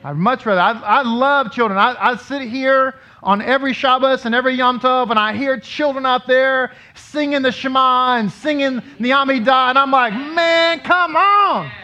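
High, bright-voiced man preaching. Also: fairly even intonation, moderate pace, few pauses. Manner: conversational, asks the congregation questions. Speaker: rabbi. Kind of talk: sermon. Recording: dull lo-fi recording.

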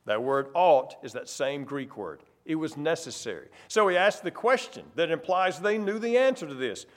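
Animated preacher man with lively pitch. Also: moderate pace. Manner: emphatic, varies loudness and pace for stress. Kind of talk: sermon.

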